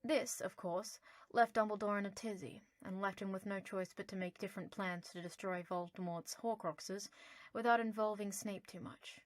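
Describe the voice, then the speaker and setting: A woman narrating an audiobook in a lively, playful storytelling manner. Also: medium pitch, moderate pace, no echo.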